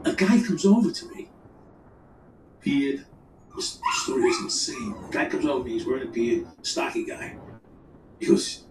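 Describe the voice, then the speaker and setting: Animated, profane man telling a wild story. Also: a little high, fairly quick, echoey room, distant mic, slight background noise, poor audio. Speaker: storyteller guest. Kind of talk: casual crime story chat.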